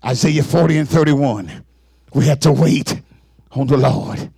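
A man a sermon in a whooping, sing-song style, with sudden exclamations and rapid repeated words. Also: mid-range voice, vocal fry, mellow, husky, no echo, clean studio sound. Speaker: preacher.

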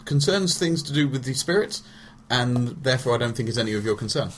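A man's voice: medium pitch, expressive, quick pace, slight background noise. A man playing a tabletop role-playing game, talking in character in a rambling, self-correcting, jokey way.

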